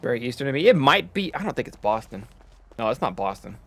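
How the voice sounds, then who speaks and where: A man's voice: medium pitch, sing-song, quick pace, a bit bright. Man muttering through a game stream. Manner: thinks aloud, muttering to himself. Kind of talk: casual stream commentary.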